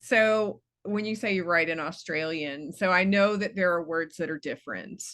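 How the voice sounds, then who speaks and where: A woman's voice: lowish voice, normal speed, fairly bright tone. A woman from Texas interviewing an author over a video call, chatty and enthusiastic with many fillers and restarts. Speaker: interviewer, book club host.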